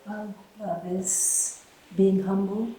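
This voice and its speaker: A woman from the audience giving quiet, hesitant answers. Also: mid-range voice, fairly even intonation, slow. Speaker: audience member. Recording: distant voice in an echoey room with faint ambience.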